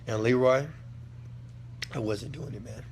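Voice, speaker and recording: A man giving an impassioned motivational talk, preachy and repetitive, swearing at times, his volume swinging from quiet to loud. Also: medium pitch, unhurried, a little hiss or hum. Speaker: motivational speaker answering a question.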